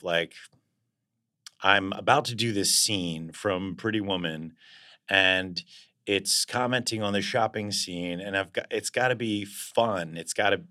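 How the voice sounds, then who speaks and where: A man's voice: sits low, bright, forceful tone. A man being interviewed as a guest actor, talking in a reflective, casual way and searching for words as he goes.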